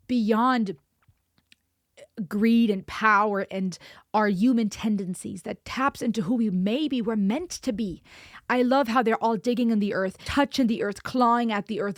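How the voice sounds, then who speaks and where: Woman host of a music reaction channel, emphatic and heartfelt, recorded dry with no room echo. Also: on the high side. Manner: earnest, impassioned, emphatic with repetition. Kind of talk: reaction video commentary.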